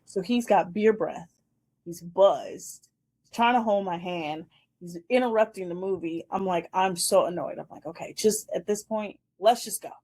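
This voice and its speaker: A woman's voice: fairly low pitch, normal speed, a little mellow, husky. A woman in her twenties hosting a casual chat show, animatedly telling a dating story and acting out the scenes. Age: 20s. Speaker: host.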